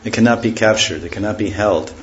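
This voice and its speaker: A man teaching a devotional scripture lecture, unhurried and often stopping to correct himself. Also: fairly low pitch. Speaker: spiritual teacher. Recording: dull lo-fi recording with faint hiss.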